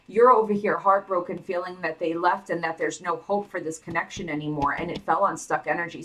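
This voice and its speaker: A woman's voice: on the low side, sharp tone, far from the mic, rough recording. A woman giving a casual tarot reading to her viewers, chatty and sassy, full of "like" and "you know". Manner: sassy, chatty, heavy on fillers. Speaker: tarot reader.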